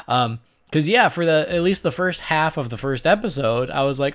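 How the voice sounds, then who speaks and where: A man hosting a podcast in casual chat, animated and laughing often as he acts out his own reactions. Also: medium pitch, brisk. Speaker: podcast host.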